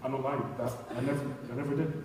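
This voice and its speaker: A man's voice: medium pitch, little pitch movement, rapid-fire, crowd noise. A young man doing a stand-up set on a club stage, rambling with self-deprecating asides. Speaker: stand-up comedian. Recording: echoey club heard from far off.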